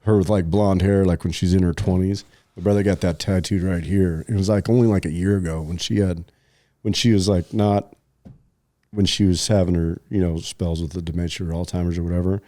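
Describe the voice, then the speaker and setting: Deep, mellow-voiced man telling a story. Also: fairly even intonation, fairly quick, no echo. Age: middle-aged. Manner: rambling, many fillers and restarts. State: choked up. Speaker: podcast co-host. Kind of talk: casual storytelling chat.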